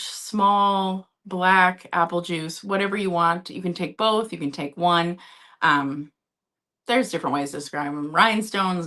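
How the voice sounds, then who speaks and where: A woman's voice: mid-range voice, pushed and bright. A woman from Minnesota hosting a live vintage sale, chatting casually, laughing often and talking to her cat. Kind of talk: live-stream selling chat.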